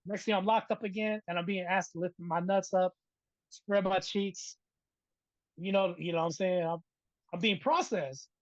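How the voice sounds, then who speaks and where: A man's voice: high voice, normal speed, no room sound. Guy telling his story in an interview, keeps saying "right?", dry dull sound. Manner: animated, keeps adding "right?". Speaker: interview guest.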